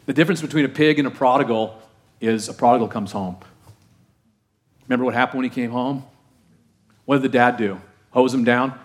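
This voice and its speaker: A male pastor preaching a conversational, animated sermon, often asking the congregation questions. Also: medium pitch, fairly quick, long pauses.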